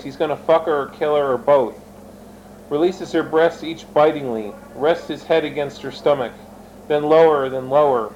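A man's voice: a little high, a little mellow, muffled recording, a little hiss or hum. A man reading his own fiction aloud, switching between narration and character voices and speaking directly to his listeners. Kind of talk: dramatic reading of an erotic story.

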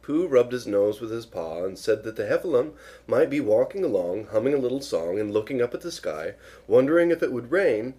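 Husky man reading a bedtime story. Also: medium pitch, expressive, brisk, dark tone. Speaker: reader. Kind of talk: reading a children's story aloud.

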